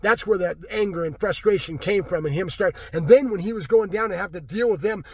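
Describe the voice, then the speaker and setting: Agitated man ranting, husky high voice. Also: a little fast, hardly any pauses, no echo. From California. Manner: agitated, repetitive, keeps asking "right?". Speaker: vlogger. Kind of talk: angry political rant to camera.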